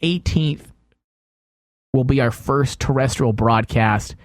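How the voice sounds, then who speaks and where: A man's voice: mid-range voice, slow pace, no room sound, studio quality. A man hosting a comedy podcast, reading an ad and announcing schedules in a loose, rambling way. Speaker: podcast host. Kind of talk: casual podcast talk and ad reads.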